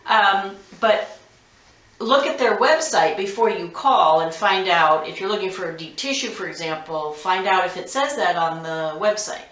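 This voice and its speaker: A woman massage therapist speaks in a lowish, fairly bright voice at a moderate pace, giving her clients frank, direct advice as a list of numbered tips. The recording has a roomy echo.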